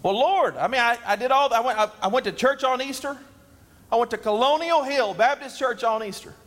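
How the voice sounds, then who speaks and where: A man's voice: very high voice, a little fast, a bit bright, long reverb tail, pitched above the performer's own voice. A man voicing a defensive churchgoer who protests about his good deeds in a raised voice.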